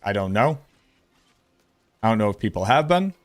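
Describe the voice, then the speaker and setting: A man streaming, giving casual commentary in a blunt, excitable way and swearing freely. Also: lowish voice, normal speed, no echo.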